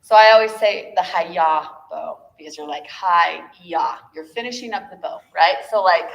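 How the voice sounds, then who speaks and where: A woman's voice: fairly low pitch, normal speed, vocal fry. A woman teaching a viola masterclass, talking through bowing technique with chatty, encouraging asides. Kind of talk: masterclass coaching. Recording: echoey room with instrument playing.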